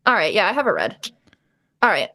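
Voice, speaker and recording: A woman's voice: mid-range voice, huge pitch swings, a little fast, sharp tone, no echo. A woman co-hosting a livestream in casual chat, matter-of-fact and wry. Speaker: livestream co-host.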